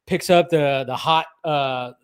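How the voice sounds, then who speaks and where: A man in his thirties co-hosting a podcast, talking in a rambling, animated way with lots of fillers and restarts. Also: fairly high pitch, slow, smooth. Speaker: podcast co-host. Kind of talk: casual chat.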